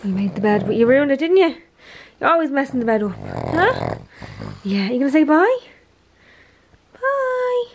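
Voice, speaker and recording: A woman's voice: high voice, sing-song, brisk, long pauses, a little hiss or hum. A young woman vlogging at home, cooing at her dog in gushing baby talk and chatting to the camera. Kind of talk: casual vlog chat.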